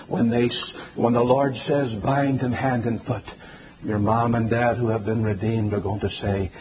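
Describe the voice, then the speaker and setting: A man preaching a fiery sermon, swinging between loud drawn-out declarations and hushed, low pleading. Dull, lo-fi recording with faint background hiss.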